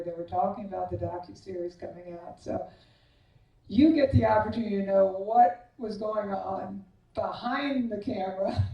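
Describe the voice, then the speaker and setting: A woman giving a banquet acceptance speech, telling animated, self-deprecating anecdotes as a tennis coach. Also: medium pitch, vocal fry. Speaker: hall of fame inductee, tennis coach. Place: large banquet hall. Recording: echoey hall, voice far from the mic.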